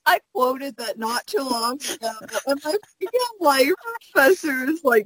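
A woman's voice: sits high, very animated, moderate pace, fairly bright tone, husky, low-quality recording. A young woman in casual chat, reacting with frequent exclamations.

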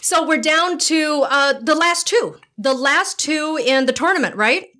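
A woman from Minnesota hosts a loose, chatty conversation, her voice sitting a little high. She talks fast, laughs easily and fires off questions and stories. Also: bright, forceful tone. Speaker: host. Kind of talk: casual chat.

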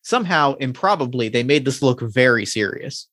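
Excitable man hosting a tabletop podcast. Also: mid-range voice, normal speed, no room sound, studio quality. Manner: gushing and excitable, tripping over words. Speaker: game master and podcast host. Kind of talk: scripted narration and casual chat.

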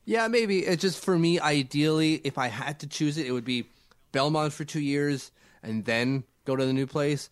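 A man's voice: fairly high pitch, normal speed. Man chatting while getting over a cold. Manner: rambling, stammering restarts. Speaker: podcast co-host. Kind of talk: casual sports chat.

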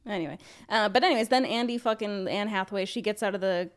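A woman co-hosting a podcast in casual chat, talking in a rambling, profane, animated way. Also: medium pitch, quick pace. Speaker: podcast co-host.

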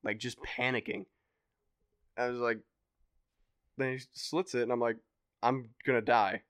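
A young man telling a story in a casual podcast chat, animated and swearing, acting out other people's voices. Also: mid-range voice, measured pace, no room sound, studio quality. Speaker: podcast guest.

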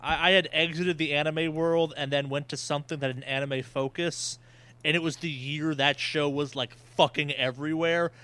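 A podcast co-host whose voice is bright and forceful and sits a little high for a man. He jokes, teases and swears freely in casual chat. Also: steady tone, moderate pace. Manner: joking, profane, teasing.

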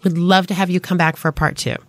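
A woman's voice: fairly low pitch, steady tone, quick pace. Bubbly woman radio host. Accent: Boston. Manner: bubbly, enthusiastic, laughs often. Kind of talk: casual radio show chat.

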